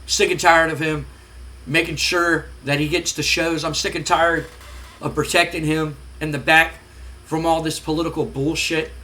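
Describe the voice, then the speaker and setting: A man's voice: fairly high pitch, level tone, moderate pace, pushed and bright. A man doing a cocky, taunting wrestler. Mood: resentful. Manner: boastful, taunting and heated. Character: cocky, defiant male pro wrestler.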